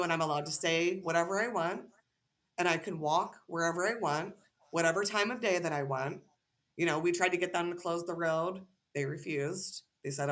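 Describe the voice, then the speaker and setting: A woman's voice: on the low side, fairly bright tone. Woman, podcast guest, heated, profane, ranting, casual talk.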